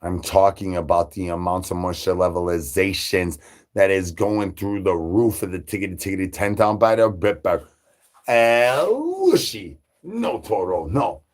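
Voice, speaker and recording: A man's voice: sits low, steady tone, normal speed. A man delivering absurd comedy, rambling through nonsense with rhyming wordplay and stutters. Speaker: comedy channel creator.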